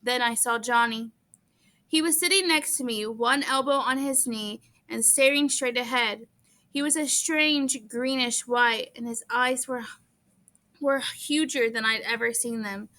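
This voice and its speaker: Bright-voiced woman reading a novel. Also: on the high side, a little slow. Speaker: audiobook reader. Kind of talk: reading a novel aloud in first person.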